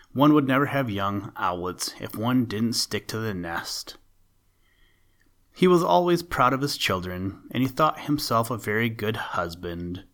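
A man narrating a children's animal story in an expressive, lively reading style. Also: medium pitch.

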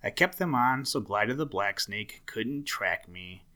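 A man's voice: fairly low pitch, lively intonation, a little slow, sharp tone. A man doing Nibble, a timid little rabbit. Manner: timid and breathless. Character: small frightened young male rabbit.

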